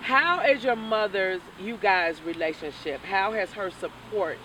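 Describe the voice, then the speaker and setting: A woman's voice: mid-range voice, a little slow, pushed and bright. A woman hosting an interview, asking rambling and encouraging questions. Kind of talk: casual interview. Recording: faint noise, mic at a distance.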